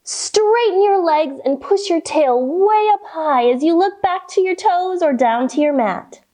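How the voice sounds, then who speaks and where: With a high voice and lively, wide-ranging intonation, a woman reads a picture book at a children's yoga storytime and leads poses. Her delivery is playful and instructive, slow and gentle so the kids can follow along.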